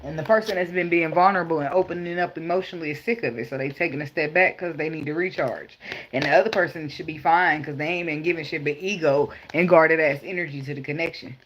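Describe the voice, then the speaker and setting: There's slight background noise behind this woman's low-pitched, fast delivery. In a casual spiritual advice vlog, she reads tarot and holds forth on parenting with profane bluntness, laughing and storytelling animatedly.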